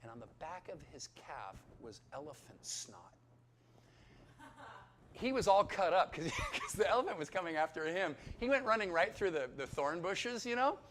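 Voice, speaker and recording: Animated storyteller man, high lively voice. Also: moderate pace, slight background noise. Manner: animated, chatty, checks in with listeners. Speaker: speaker giving a personal testimony. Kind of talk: lively storytelling testimony to an audience.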